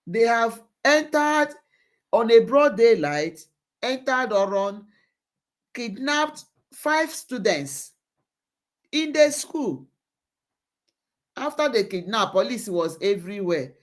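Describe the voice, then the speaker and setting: A woman's voice: on the high side, animated, takes it slowly, pauses often. Urgent woman host, repeats herself. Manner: urgent, repeats phrases for emphasis. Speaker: online show host. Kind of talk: impassioned live commentary.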